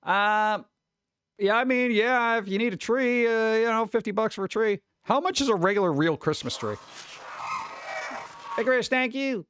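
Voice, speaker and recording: A man chatting casually on a live stream, reading chat and reacting with quick exclamations. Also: high voice, a bit bright, smooth, no room sound.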